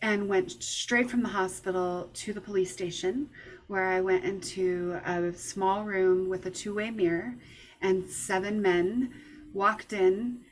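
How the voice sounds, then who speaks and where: A woman giving a lecture, telling a personal story in an emotional, animated way. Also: medium pitch, a little hiss or hum, poor audio. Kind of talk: personal testimony talk.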